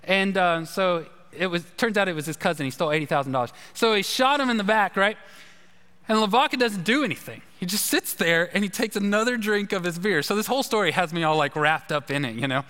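Speaking briskly, a high-voiced pastor delivers a chatty sermon full of stories and asides. His words echo with a long reverb, as though in a big sanctuary.

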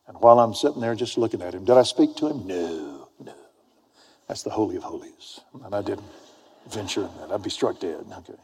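Husky male preacher in reverberant hall. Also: lowish voice. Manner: storytelling, swings from loud emphasis to hushed whispers. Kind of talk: sermon with personal anecdote. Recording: long reverb of a large hall.

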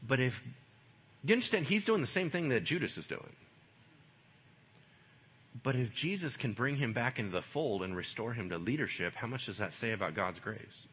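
A man preaching a sermon in a lively, conversational way, full of casual slang. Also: mid-range voice, normal speed, pauses often, slightly rough. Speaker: pastor.

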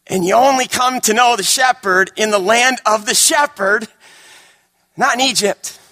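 A male pastor preaching a sermon, swinging dramatically between emphatic, raised lines and hushed, quiet ones. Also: high-pitched, a little slow.

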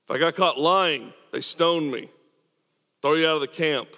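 A man's voice: fairly high pitch, moderate pace, bright, forceful tone, big-room sound. A man preaching a sermon as pastor, earnest and emphatic, repeating words as he drives points home. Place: church.

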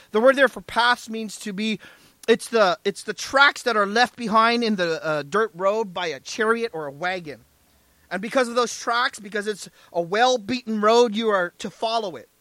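A man's voice: high-pitched, bright, forceful tone, no room sound. A man preaching a sermon as pastor, emphatic, often asking the congregation "right?" and "amen?".

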